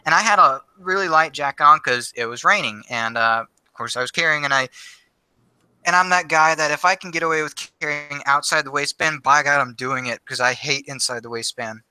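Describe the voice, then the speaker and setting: A man chatting casually as a livestream co-host, telling stories in a relaxed way. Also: a little high, a little fast, clear, resonant tone, no echo. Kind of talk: casual chat.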